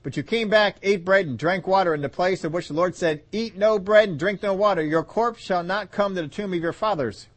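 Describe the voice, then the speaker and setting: Man, preacher, sermon, humorous, acts out scenes, high voice. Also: a little fast, hardly any pauses.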